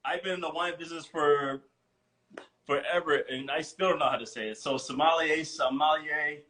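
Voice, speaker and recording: A man speaking as the guest on a casual live video chat, joking and energetic. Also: fairly high pitch, brisk. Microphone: video call.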